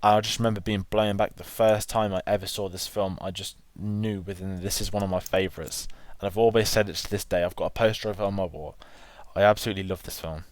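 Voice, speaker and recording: A man's voice: deep voice, steady tone, fast, few pauses, dry recording. A man co-hosting a film podcast, chatting enthusiastically and rambling with restarts. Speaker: podcast co-host. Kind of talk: casual film chat.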